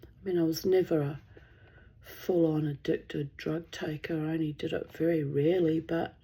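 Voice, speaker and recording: Woman, husky breathy voice, low pitch, candid profane storytelling. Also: steady tone, moderate pace, mellow. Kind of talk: casual spoken storytelling.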